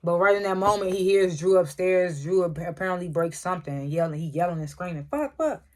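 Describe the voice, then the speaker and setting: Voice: medium pitch, steady tone, brisk. Casual, laughing TV recap chatter. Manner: chatty slangy retelling, laughs often. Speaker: TV show reviewer.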